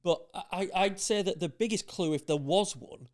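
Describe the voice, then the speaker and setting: A man's voice: sits high, normal speed, darkish tone. A man co-hosting a podcast, sceptical and teasing in casual chat. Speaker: podcast co-host.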